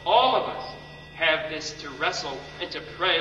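A man's voice: fairly high pitch, lively intonation, unhurried, sharp tone. A man preaching a sermon with fervent, dramatic emphasis, repeating phrases to drive points home. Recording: echoey hall, mic far off, dull sound with faint hum.

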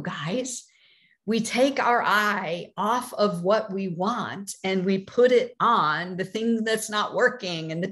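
A middle-aged woman telling a personal story in a motivational talk, animated and full of fillers. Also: mid-range voice. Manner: animated storyteller with frequent fillers, acting out quoted voices.

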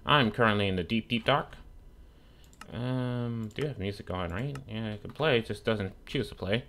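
A young man with a fairly low voice gives casual gameplay commentary. He swears freely and trash-talks the mobs that keep shooting him. A keyboard clacks softly in the background. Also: normal speed, a little hiss or hum. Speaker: gaming streamer.

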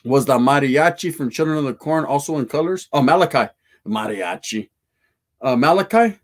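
A man talks loosely through a livestream, reading out comments and answering them in easy street slang with Spanish words thrown in. His voice sits a little high for a man, and he keeps it relaxed and profane. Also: moderate pace. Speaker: livestream host.

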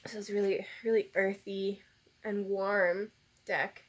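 Teary lady doing a tarot vlog, talks real slow, lots of ums and sighs. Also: mid-range voice, little pitch movement, a little hiss or hum. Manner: emotional, teary and grateful, with sighs and laughs; soft, rambling, many fillers. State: tearful. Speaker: tarot reader.

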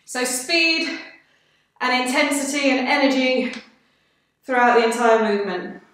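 Woman fitness coach, high-pitched and unhurried, puffing between cues, echoey room, a little distant from the mic. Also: fairly bright tone. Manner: cheerful, encouraging, bubbly, with breathy whoops between cues. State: out of breath. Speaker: fitness instructor. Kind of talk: live workout coaching.

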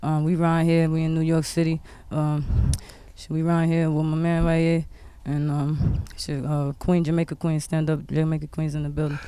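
Man doing a rapper impression, flat and smooth, higher voice, rambling shout-outs. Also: normal speed, few pauses, close to an everyday voice. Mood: hype. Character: impression of a famous male rapper greeting fans.

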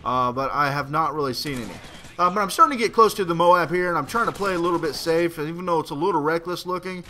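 A young man giving rambling, excitable commentary over his own gameplay, swearing freely and now and then bursting into a shout. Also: fairly high pitch, quick pace, a little hiss or hum.

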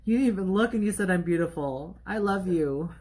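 A man's voice: sits high, lively intonation, a little fast, background noise. A young man, a drag performer, chatting playfully while doing his makeup at home on a phone livestream, laughing often. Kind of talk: casual livestream chat.

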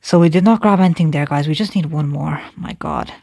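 A man's voice: a little high, brisk, creaky, a little mellow, no echo. A man giving live gameplay commentary, thinking aloud, correcting himself and talking to his viewers.

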